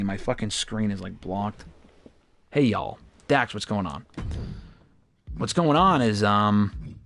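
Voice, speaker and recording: A young man runs a gaming livestream, chatting easily with viewers between moves. His voice is lively and swings up and down, sitting in the middle of the usual male range. He swears freely and flares up in exasperation, heard close and dry with no room sound. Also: medium pitch, gravelly, no echo. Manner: chatty, profane, erupts into loud frustrated outbursts. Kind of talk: casual livestream commentary while playing.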